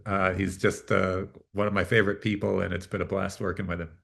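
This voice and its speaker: A man's voice: sits low, flat delivery, fairly quick, vocal fry, a bit bright, slightly rough. Modest, self-deprecating middle-aged man. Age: middle-aged or older. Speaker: film producer, interview guest. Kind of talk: casual interview chat. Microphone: video call.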